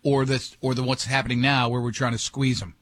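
A man's voice: mid-range voice, level tone, fairly quick, a bit bright. A man hosting a morning radio show, talking in a rambling, jokey way and often restarting his sentences. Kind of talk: casual morning radio banter.

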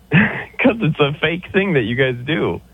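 A man's voice: fairly high pitch, big pitch swings, slow pace, vocal fry, husky. A man calling in to a sports radio show, needling the host with jokes. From Southern California. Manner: needling, joking, laughs at own jokes. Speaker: caller. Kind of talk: call-in radio banter. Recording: phone line.

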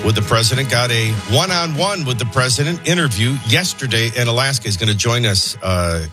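A man's voice: medium pitch, lively intonation, brisk, music in the background. A middle-aged man hosting a morning talk radio show, delivering opinionated news commentary in a conversational way with many fillers. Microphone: studio microphone.

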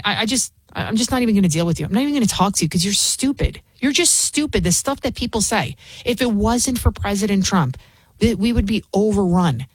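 A woman's voice: medium pitch, husky, no echo, low-quality recording. A woman hosts a talk radio slot and rants in a combative, scornful way, tripping over restarts as she goes. Her voice sits close to the mic in a dry studio with no room sound. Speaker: fill-in radio host. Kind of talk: opinionated talk radio monologue.

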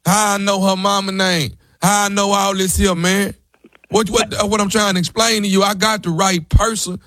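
A man's voice: high-pitched, level tone, normal speed, fairly bright tone, dry recording, studio quality. A man playing a brash male inmate calling from jail in a prank call, slangy and insistent. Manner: slangy, insistent, keeps repeating "hold up".

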